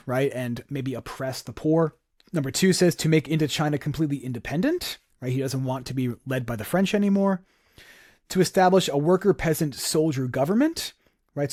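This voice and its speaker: A man's voice: on the high side, a little mellow, no echo. Dry-voiced man teaching exam review. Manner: explanatory, keeps checking in with "right?".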